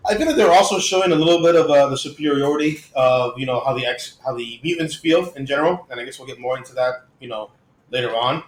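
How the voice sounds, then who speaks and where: A man co-hosting a casual podcast recaps comic book plots in upbeat detail. He speaks fast in a medium-pitched voice, and the room sounds echoey.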